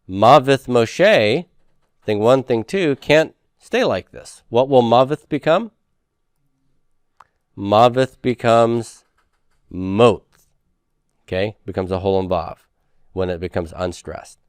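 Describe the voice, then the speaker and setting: Man, lecturer, lowish smooth voice, unhurried, dry close sound. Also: a little mellow, no echo. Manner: patient, repeats words slowly, checks in with "okay?". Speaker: Hebrew teacher. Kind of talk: recorded grammar lecture.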